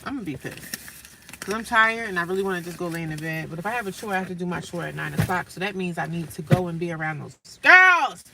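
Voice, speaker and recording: A woman's voice: fairly low pitch, expressive, quick pace, gravelly, distant mic, background noise. A tired woman chatting casually to viewers in a vlog, venting about her day while sitting in her parked car. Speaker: vlogger. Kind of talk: casual vlog chat to camera.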